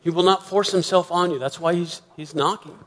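Male pastor, fairly high voice, earnest sermon delivery with repetitions and soft emphatic pauses, long church-hall reverb. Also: fairly even intonation. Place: church sanctuary.

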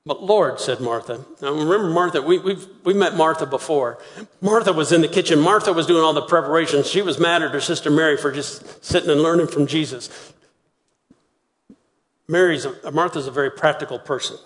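Animated preacher man in a reverberant hall. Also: a little high, fairly quick. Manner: animated storytelling, acting out voices. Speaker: pastor. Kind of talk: sermon.

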